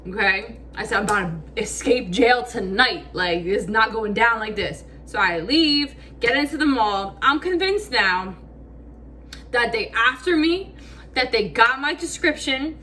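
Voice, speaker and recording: Speaking a bit slowly in a voice on the high side, this woman tells a storytime vlog over slight background noise. She uses casual slang, curses, fills her talk with "like," and acts out quotes with animation.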